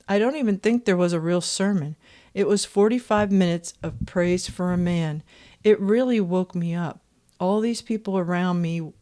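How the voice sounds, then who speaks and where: A woman's voice: fairly low pitch, mellow. A woman reading forum posts aloud and adding her own indignant, pointed commentary, now and then singing snippets of a chorus.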